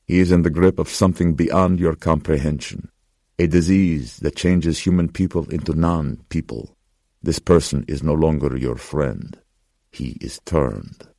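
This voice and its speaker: A man voicing a somber old pawnbroker who speaks in a slow, grave, measured way. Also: rumbling low, gravelly, dark tone, no room sound, studio quality, full character voice. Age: older.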